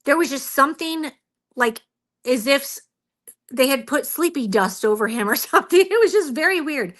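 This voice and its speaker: A woman with a bright, tense, fairly high voice tells a frightening story from her own life. She talks earnestly and a bit shaken, with lots of fillers, and keeps acting out what she said and thought. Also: expressive, moderate pace. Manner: earnest, shaken, many fillers and quoted self-talk. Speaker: guest, Bigfoot researcher. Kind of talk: telling a personal story in a radio interview.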